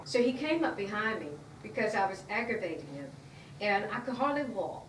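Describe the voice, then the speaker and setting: Woman interviewee, earnest and emotional, halting retelling; roomy room, mic at a distance, faint hiss. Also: mid-range voice, very animated. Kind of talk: personal account in an interview.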